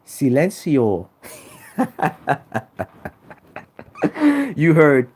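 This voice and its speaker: A man's voice: mid-range voice, lively intonation, drawn-out words, darkish tone, a little hiss or hum. A man trash-talking rival sports fans on a live stream, teasing and repeating himself for emphasis. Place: home room.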